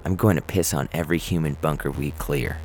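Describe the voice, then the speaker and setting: A man's voice: rumbling low, brisk, slight background noise. A man voicing a scarred, brash female German shepherd marine in an audio story, crude and boastful.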